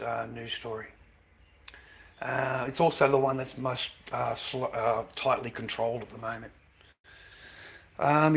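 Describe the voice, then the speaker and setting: An Australian man venting straight to the camera in a loose, unscripted vlog rant. His pitch sits in the ordinary male middle, and his talk is rambling and crude, padded with "um," "you know" and "mate." He restarts often and keeps a casual, everyday delivery. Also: gravelly, bright, forceful tone. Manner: profane, rambling, with frequent fillers and repeated "mate". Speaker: vlogger.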